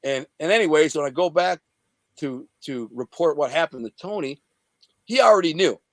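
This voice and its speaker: A middle-aged man from the Detroit area, an interview guest telling a story in a rambling, profane, animated way. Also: a little high, moderate pace, dry recording. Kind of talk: casual storytelling.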